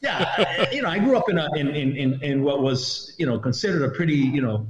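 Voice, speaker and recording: A retired federal agent in middle age tells a story during a podcast interview, animatedly voicing what others said. He speaks fairly quickly in a slightly high voice over a loud crowd, and the recording is roomy and a bit dull.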